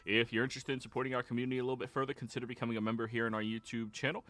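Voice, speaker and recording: A man's voice: medium pitch, level tone, rapid-fire, fairly bright tone. A man hosting a tabletop game stream, giving upbeat, playful channel announcements before play. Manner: upbeat, playful promo patter. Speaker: game master and stream host.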